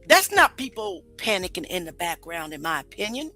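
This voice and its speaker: Bright-voiced skeptical woman host. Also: on the high side, very animated, brisk, few pauses, no echo, faint music behind, low-quality recording. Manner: skeptical, rhetorical questions to viewers. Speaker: commentary show host. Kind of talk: casual commentary.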